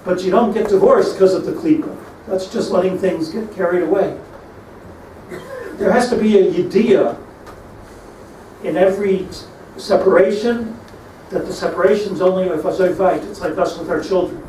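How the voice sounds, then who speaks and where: There's slight background noise as a middle-aged rabbi, his mellow voice sitting high, preaches at a moderate pace on Lamentations. He tells stories, uses Hebrew terms within his English, and builds to emphatic peaks, his sound distant and echoey with faint ambience.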